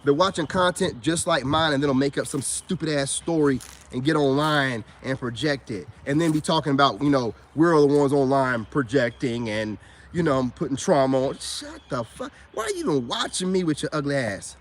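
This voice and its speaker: A man's voice: mid-range voice, expressive, moderate pace, slight background noise. A man ranting in a combative vlog monologue. He repeats himself and keeps dropping "you know what I'm saying.". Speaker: vlogger.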